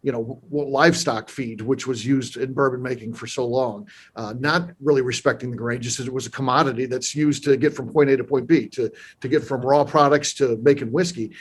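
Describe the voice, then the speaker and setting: Male host, interview podcast, enthusiastic, word repeats, mid-pitched voice. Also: fairly even intonation, fairly quick, few pauses, husky. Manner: enthusiastic, repeats words while thinking. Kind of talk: casual interview chat.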